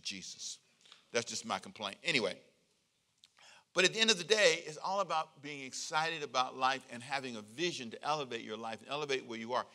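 This is a man preaching to his congregation in a relaxed, humorous way, and his voice is strikingly bright and forceful. It sits slightly higher than most men's. He draws the room in with call-and-response. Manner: joking, animated, leads call-and-response. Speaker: pastor. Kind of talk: conversational sermon.

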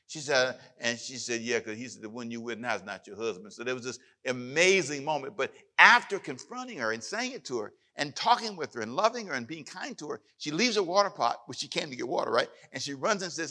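A man pastor preaching a sermon, rising loud as he reads scripture, then taking questions in church. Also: on the high side, very animated, brisk. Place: church hall with live audience.

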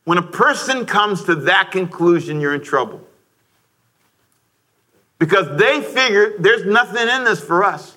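A middle-aged man preaching a sermon to a congregation, lively and joking, rising to shouts. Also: high-pitched, measured pace, long pauses. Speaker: pastor. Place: church sanctuary before a congregation.

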